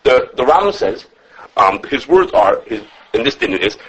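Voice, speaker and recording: A man who teaches a class on religious law. He lectures with lively animation, thinks aloud, restarts his sentences, and quotes his sources as he takes questions from students. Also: mid-range voice, normal speed, muffled recording, a little hiss or hum. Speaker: rabbi teaching a halacha class.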